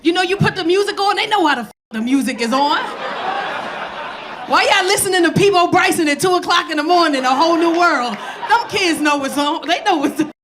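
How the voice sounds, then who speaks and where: A woman, animated, swinging from hushed asides to loud punchlines. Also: very high-pitched, a little fast, background noise. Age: 40s. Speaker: stand-up comedian. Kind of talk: stand-up storytelling.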